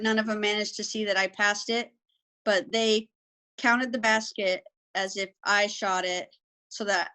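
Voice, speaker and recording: A woman's voice: medium pitch, pushed and bright. Woman, around 30, interview guest, easygoing and modest, home video call. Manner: easygoing, modest, recalls with hedges. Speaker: interview guest, former college athlete. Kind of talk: casual interview.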